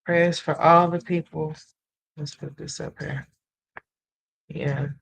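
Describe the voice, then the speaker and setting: A livestream commentary host chatting casually with viewers and reading their comments. Swings between blunt, profane scolding and soft, tender well-wishes. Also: medium pitch, fairly even intonation, slow, vocal fry, slightly rough.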